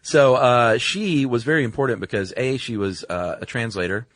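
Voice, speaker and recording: A man co-hosting a podcast in casual chat, laid-back and quick with agreeing asides. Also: medium pitch, a bit bright, no room sound. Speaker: podcast co-host.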